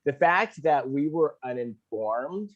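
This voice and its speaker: A man co-hosting a casual book podcast. He answers in short affirmations and cuts in with quick points, and his audio sounds muffled and lo-fi. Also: fairly high pitch, expressive. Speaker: podcast co-host.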